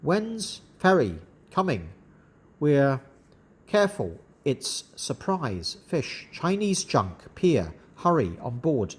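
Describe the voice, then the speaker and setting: A man reading for young learners in a calm, deliberate voice. He speaks extremely slowly, each word set apart clearly for the class to repeat. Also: a little high. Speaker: narrator and word-list reader. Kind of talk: slow educational reading.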